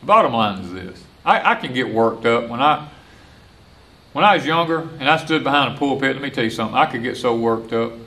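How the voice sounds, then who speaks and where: A man's voice: mid-range voice, fairly quick. An older Southern man, a homesteader and former preacher, gives a folksy porch-side sermon and repeats his points. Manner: folksy, repetitive, animated. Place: outdoor porch.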